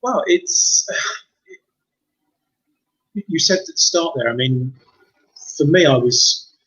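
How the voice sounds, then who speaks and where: A man in his fifties, a podcast guest, telling his personal story in a halting, reflective way. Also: on the high side, fairly bright tone, husky, poor audio. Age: 50s. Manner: reflective, halting with repeated restarts. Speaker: guest, mindset coach.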